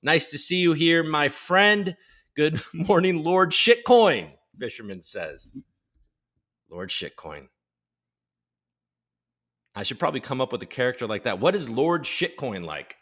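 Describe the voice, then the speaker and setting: Brief: joking male livestream host, a bit high-pitched, bright tone, greets everyone by name. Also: sing-song, measured pace, long pauses. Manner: swears freely. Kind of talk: casual livestream chat.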